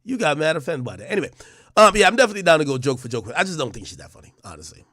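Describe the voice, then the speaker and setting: A brash man with a bright, forceful, fairly high voice rants a mocking roast, tripping over stammered restarts. The sound is close and dry. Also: big pitch swings, rapid-fire, no echo. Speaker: livestream host. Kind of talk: ranting roast monologue.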